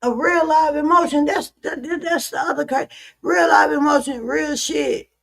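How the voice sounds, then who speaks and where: A woman's voice: sits high, moderate pace, vocal fry. A weary woman streamer venting to her viewers in a frustrated, repetitive, profane rant. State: weary, worn out. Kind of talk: emotional livestream rant.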